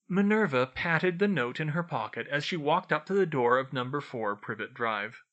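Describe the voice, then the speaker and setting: A man reading fan fiction aloud in steady storytelling narration. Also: fairly high pitch, normal speed, few pauses, muffled recording. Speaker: audiobook reader.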